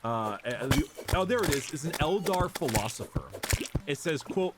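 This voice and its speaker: A man's voice: on the high side, lively intonation, normal speed, very noisy. A man co-hosting a casual podcast, explaining lore in a rambling way with many repeated words and restarts.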